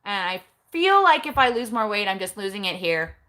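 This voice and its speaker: A woman's voice: medium pitch, sing-song, moderate pace, bright, forceful tone. A middle-aged woman chatting casually on a livestream recorded on her phone, blunt and chatty with eye-rolling asides. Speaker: keto vlogger.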